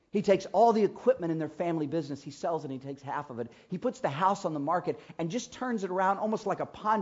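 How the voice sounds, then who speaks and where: A fairly high-pitched, husky man preaches, telling a story with emphasis and dropping from big loud stresses to near-hushed lines. The recording sounds dull and muffled. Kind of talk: storytelling sermon.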